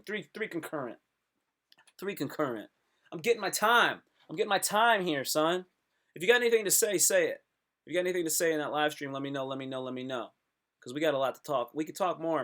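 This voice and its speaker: A man's voice: a little high, fairly bright tone. A young man hosting his own live stream, talking to viewers in a hyped, rambling, self-motivating way. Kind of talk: casual live stream monologue.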